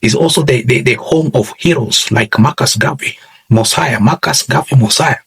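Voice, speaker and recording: A man's voice: medium pitch, moderate pace, gravelly, husky. A man hosting a commentary video, talking emphatically and repeating phrases as he addresses his viewers. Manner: repeats "ladies and gentlemen", emphatic and preachy. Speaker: commentary channel host. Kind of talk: reaction commentary to camera.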